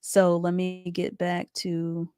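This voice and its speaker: Woman, low-pitched, dry close sound patient reading teacher for a live online class, walks through every step and repeats it. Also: monotone, dark tone, smooth, no room sound. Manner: reads sentences out slowly and deliberately.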